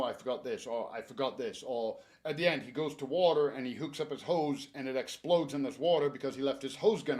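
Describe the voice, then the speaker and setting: Garden store staffer, man, casual and jokey presenter. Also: a little high. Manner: chatty, joking, animated advice.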